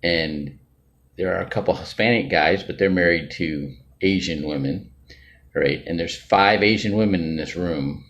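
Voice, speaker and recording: This man's low voice is a bit bright and moves at a moderate pace, with slight background noise behind it. A member of a financial group, he talks casually and without a script, often finishing with "right?" or "all right?".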